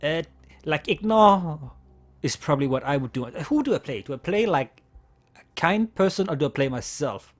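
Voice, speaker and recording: A man's voice: fairly high pitch, expressive, moderate pace. A man casually playing a text adventure game aloud, stumbling over words, laughing and swearing as he reads. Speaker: game player reading aloud. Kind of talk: casual let's-play narration.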